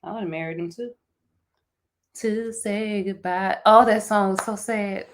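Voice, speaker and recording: This podcast co-host, a woman with a Philadelphia accent, talks unhurriedly in a mid-range voice on a live chat show. She's emotional and animated, now and then slipping into song.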